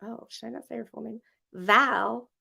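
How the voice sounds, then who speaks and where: A woman's voice: on the high side, moderate pace, creaky, bright, forceful tone, breathy edge. Easygoing woman laughing through podcast chat. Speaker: podcast co-host. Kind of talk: casual chat.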